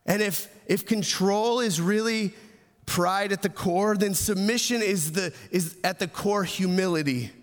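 A man with a high voice preaches a sermon in a church hall, his words ringing out with a long reverb. He stumbles and repeats words as he goes, pushes toward urgent emphasis, then sinks to a soft, quiet close. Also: a little slow. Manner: repeats words and restarts, grows louder and more urgent, then drops soft. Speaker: pastor.

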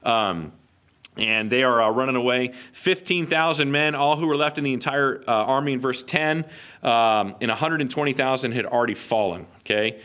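A man's voice: mid-range voice, normal speed. A man teaching a Bible study in a casual, joking way, often checking in with his listeners. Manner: lively, jokey, checks in with "okay?".

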